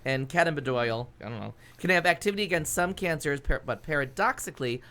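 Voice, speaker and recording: A co-host reading a news item in a measured way and trading dry quips in casual comedic chat. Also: medium pitch, animated, a bit bright.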